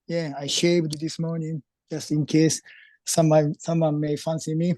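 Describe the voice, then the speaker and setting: Man with a Japanese accent, slow delivery, mellow tone, dry video call sound; joking guest host of a whisky tasting. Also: a little high, no room sound. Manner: joking, halting English. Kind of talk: online whisky tasting talk.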